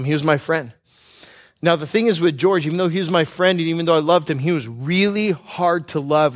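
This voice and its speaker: A male pastor delivers a conversational sermon in a voice sitting a little higher than most men's. He is earnest and personal, drops in light humor, and slows right down to press home his main points.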